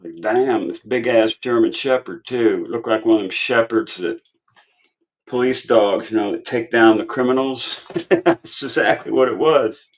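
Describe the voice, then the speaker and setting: Male vlog host, unhurried drawl, loose and profane, a bit worn out, chatting casually with viewers. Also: mid-range voice. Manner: profane, rambling storytelling. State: tired. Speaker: online show host. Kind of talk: casual chat.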